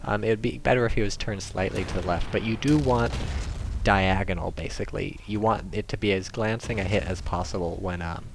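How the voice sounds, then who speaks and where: A man commenting on a strategy game replay in a joking, casual way, getting excited as the fight heats up. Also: a little fast, creaky, background noise. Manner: joking, gets excited and high-pitched when the action heats up. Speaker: gameplay commentator.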